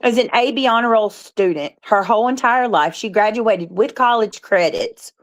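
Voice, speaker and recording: A woman's voice: fairly high pitch, moderate pace. A middle-aged woman from Georgia, a mother speaking on a casual live panel, blunt and profane with an emphatic drawl.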